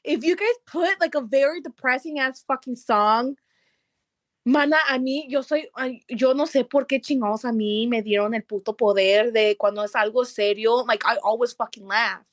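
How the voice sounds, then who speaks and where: A woman co-hosting a podcast in loose, animated chat, her voice sitting a little high. She curses freely and drops into Spanish mid-sentence, with "like" everywhere. The sound is close and dry. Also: normal speed, dry recording. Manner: many fillers of like. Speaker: podcast co-host. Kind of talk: casual chat.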